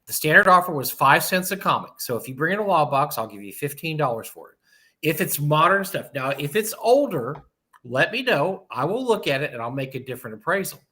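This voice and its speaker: A man's voice: fairly high pitch, very animated, a little fast, sharp tone. A man co-hosting a casual chat, recalling his own experience in a rambling way with many restarts. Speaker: podcast co-host.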